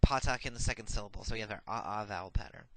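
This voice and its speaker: Man lecturing a grammar course: a somewhat low, dry-recorded voice, patient and methodical, with plenty of "uh"s. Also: dry recording, low-quality recording. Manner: methodical, recites paradigms slowly, frequent "uh" fillers. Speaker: Hebrew grammar teacher.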